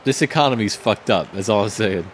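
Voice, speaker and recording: A man co-hosting a gameplay video, tossing out quick jokes. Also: on the low side, animated, soft background music. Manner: joking, quick wisecracks. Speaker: co-host. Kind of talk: casual gameplay banter. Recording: noisy background.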